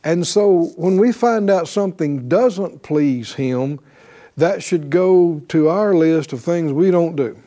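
A man's voice: fairly high pitch, takes it slowly. A man preaching a sermon, often asking "right?" and acting out voices of believers speaking faith. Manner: animated, calls for responses with "right?".

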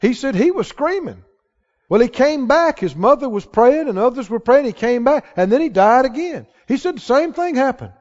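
High-voiced preacher in a big echoing hall. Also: male voice, animated, moderate pace. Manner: emphatic, rising to shouts on key lines. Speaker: pastor. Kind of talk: sermon. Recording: dull sound with long hall reverb.

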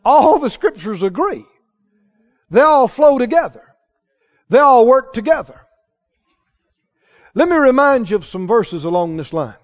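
A man's voice: very high-pitched, big pitch swings, measured pace, long pauses. A man preaching a sermon, emphatic and asking his listeners questions as he goes. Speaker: pastor. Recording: dull lo-fi sermon recording.

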